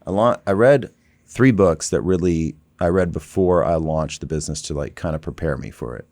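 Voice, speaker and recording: A man guest on a podcast, telling business stories in a casual, energetic, informal way with lots of fillers. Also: sits low, no room sound. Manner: energetic, informal, fast-flowing with many "like" fillers. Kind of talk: casual conversational storytelling.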